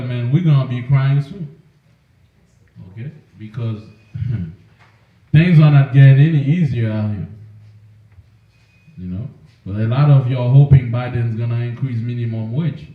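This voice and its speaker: Casual joking man teaching a Bible class. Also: medium pitch. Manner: casual, joking, preachy, asks the class questions. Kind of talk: informal Bible study teaching. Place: room with a class. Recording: echoey room over a tinny phone-like line.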